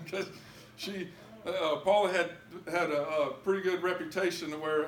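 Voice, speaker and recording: A man's voice: a little high, steady tone, brisk, roomy sound, a little hiss or hum, rough recording. Emotional man giving personal testimony. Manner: emotional, repeats words, builds to cries. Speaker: testimony speaker.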